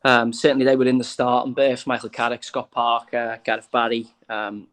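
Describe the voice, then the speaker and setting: A man's voice: mid-range voice, completely flat delivery, fairly quick, a bit bright, rough recording. A man from England, a former footballer, talking as a guest in a casual interview, rambling with restarts and lots of "you know".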